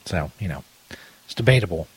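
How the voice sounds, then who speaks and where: A man's voice: low-pitched, lively intonation, fairly quick, husky, poor audio. A man hosting a podcast in casual chat, loose and profane, reacting to clips. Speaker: podcast host.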